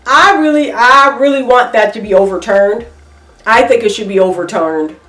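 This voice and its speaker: A woman's voice: fairly high pitch, normal speed, a bit bright, recorded from a distance. A middle-aged woman giving emphatic, repetitive opinion commentary in a reaction vlog, with features. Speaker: reaction vlogger. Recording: echoey room, voice off-mic.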